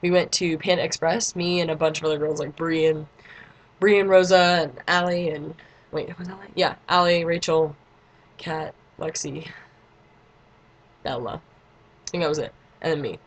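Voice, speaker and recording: A teenage girl telling a story to her camera in a casual vlog. She chats and giggles along and leans on "like" constantly. Now and then she breaks into excited squeals. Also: deep voice, moderate pace, pauses often. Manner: chatty and giggly, lots of "like", squeals in quotes. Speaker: vlogger.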